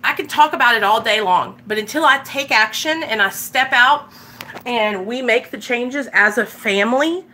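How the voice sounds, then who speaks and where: A woman's voice: fairly high pitch, normal speed, sharp tone, slight background noise. A young woman, talking bluntly and emphatically in a casual motivational vlog, swearing and repeating herself for emphasis. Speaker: recovery vlogger.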